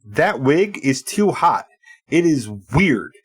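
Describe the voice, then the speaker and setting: A man's voice: a little high, big pitch swings, slow pace, slightly rough. Wry man co-hosting a podcast. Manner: wry, dry humor. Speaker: podcast co-host. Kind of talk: casual chat and read announcements.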